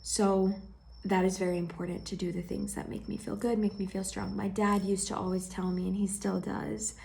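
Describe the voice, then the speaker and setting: A woman sharing a heartfelt personal vlog, speaking gently and intimately to the viewer and often dropping into a soft whisper. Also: medium pitch, flat delivery, moderate pace, creaky, slight background noise. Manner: affectionate, speaks straight to the viewer.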